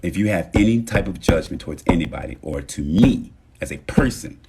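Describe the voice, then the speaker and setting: A man hosting a casual motivational livestream, talking straight to his viewers and thanking them, swinging between loud emphasis and soft murmurs. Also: sits low, expressive, brisk, creaky, very noisy. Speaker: livestream host.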